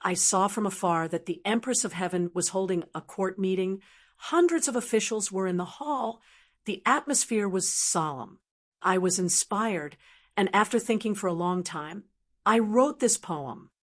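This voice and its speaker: A proud, kindly old court scholar in his sixties, read by a woman for an audiobook. He speaks in an even, measured way at a middling pitch. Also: close to an everyday voice. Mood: pleased. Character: elderly male court scholar, genial and proud. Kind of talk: audiobook narration.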